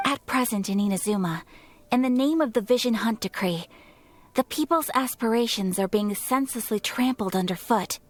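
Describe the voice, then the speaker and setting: A woman's voice: fairly high pitch, close to an everyday voice. A woman voicing a gracious young noblewoman. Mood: earnest. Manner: polite, measured, formal. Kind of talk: game voice acting.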